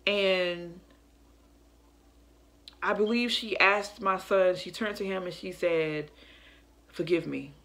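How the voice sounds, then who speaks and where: An earnest young woman talks straight to her viewers in a casual, heartfelt way. She keeps calling them y'all, and her pitch sits right in the middle. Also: steady tone, takes it slowly, pauses often, fairly bright tone. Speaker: faith vlogger. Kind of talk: casual testimony to camera.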